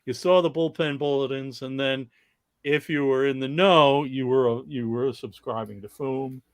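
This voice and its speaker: A man's voice: medium pitch, fairly even intonation, normal speed, smooth. A man co-hosting a casual comics history livestream, rambling and laughing as he reads viewer comments aloud.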